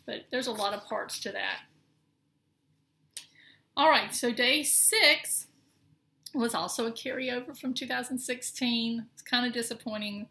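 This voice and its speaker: A woman's voice: on the high side, unhurried, long pauses, pushed and bright. A middle-aged woman with a Southern accent, chatting casually and rambling a little as she shows her cross-stitch projects. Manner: chatty, rambling, with many ums and restarts. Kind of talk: casual show-and-tell.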